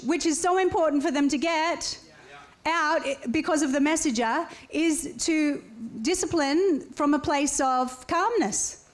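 A woman's voice: high-pitched, unhurried. A woman from Australia, telling stories in casual chat and often laughing as she talks. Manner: animated storyteller, laughs often, acts out voices.

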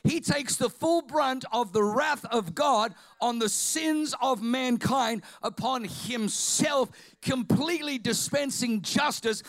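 A man preaching a fervent sermon as pastor, swinging between shouted declarations and quiet asides. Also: very high-pitched, slow, few pauses.

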